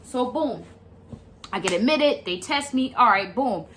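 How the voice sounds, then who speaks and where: Slangy, animated young woman storyteller. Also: a little high, measured pace, slight background noise. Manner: animated, slangy and dramatic, with side remarks. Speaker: vlogger. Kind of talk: casual storytime vlog.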